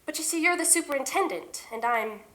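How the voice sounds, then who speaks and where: A woman's voice: high-pitched, expressive, a little fast, fairly bright tone. A woman playing a spunky, firm young union worker. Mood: cool. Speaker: stage actor. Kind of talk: amateur stage musical acting.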